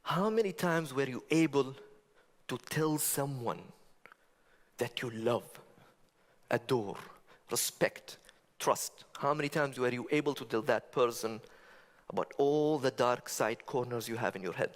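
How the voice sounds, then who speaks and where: A man giving a stage talk with stand-up humor, talking conversationally, asking the audience rhetorical questions and making animated asides. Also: medium pitch, measured pace, long pauses. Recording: long reverb of a large hall.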